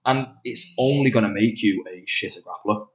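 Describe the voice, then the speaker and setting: A man's voice: on the low side, moderate pace. A man with a Manchester accent hosting a grappling podcast, chatting casually, swearing and laughing easily. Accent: Northern English, Manchester. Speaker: podcast host and grappling coach. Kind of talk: casual chat. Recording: dull lo-fi sound.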